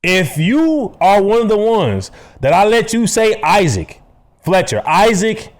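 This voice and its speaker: Podcast co-host, young man, high and lively voice, emphatic rant delivery. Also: measured pace. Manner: animated, emphatic, laughs a lot.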